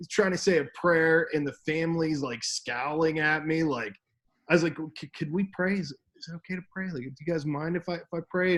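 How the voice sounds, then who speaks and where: A young man co-hosting a casual podcast, telling a story with laughs and acted-out quotes. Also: fairly high pitch. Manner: animated, laughing, acts out quoted voices. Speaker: podcast co-host.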